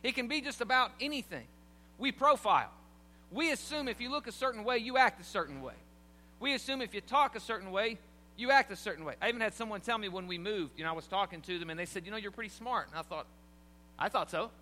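A man's voice: high voice, expressive, fast talker, bright, forceful tone. A man preaching a sermon in a conversational way, often asking his congregation questions. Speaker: pastor. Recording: long hall reverb, faint hum.

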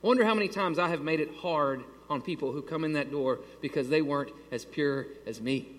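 A man preaching to his church, telling a story in an animated, exasperated way. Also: fairly high pitch, brisk. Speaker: pastor. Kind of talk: sermon with a storytelling aside. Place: church sanctuary. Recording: long hall reverb.

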